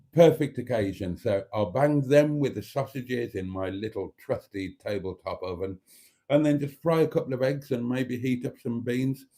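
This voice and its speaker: A man's voice: mid-range voice, dark tone. A man hosting his own channel, talking casually and ramblingly to his viewers in a camp, fond way, sitting at a table indoors. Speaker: channel host.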